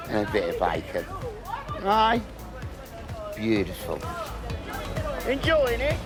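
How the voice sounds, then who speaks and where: An older man who runs a bar, talking in a brash, showy way and swearing freely. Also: sits high. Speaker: bar owner. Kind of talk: casual chat and banter.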